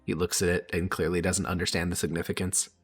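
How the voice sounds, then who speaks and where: A man's voice: low voice, flat delivery, fast talker, slightly rough, soft background music. A man narrating as game master of a tabletop game, casual and laid-back with slang.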